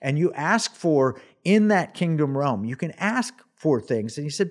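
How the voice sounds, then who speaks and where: A man hosting a faith talk show, telling a personal story in an animated way and acting out the people in it. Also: on the high side, normal speed, few pauses. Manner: animated storyteller, acts out quoted voices. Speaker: host. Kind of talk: casual storytelling chat.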